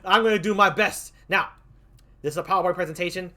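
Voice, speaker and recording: A man hosting a livestream, doing playful improv game banter with a hammy, animated manner. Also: high voice, quick pace. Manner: animated, hammy, laughs often. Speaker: stream host.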